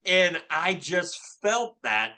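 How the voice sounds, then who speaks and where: Earnest, bright-voiced man in his fifties. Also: high-pitched, sing-song, slow pace. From Louisville, Kentucky. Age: 50s. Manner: earnest, faith-filled, with frequent filler words and repeated restarts. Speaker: podcast guest. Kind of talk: personal storytelling in a casual interview.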